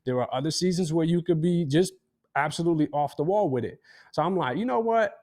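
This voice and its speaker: A man's voice: fairly high pitch, expressive, brisk, a little mellow. A young adult man co-hosting a live show, laid back and full of slang, hyping his co-host along. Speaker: podcast co-host. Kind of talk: casual live show chat.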